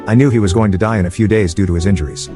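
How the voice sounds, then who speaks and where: A man reading storytime narration in a steady, even manner. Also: on the low side, rapid-fire, soft background music.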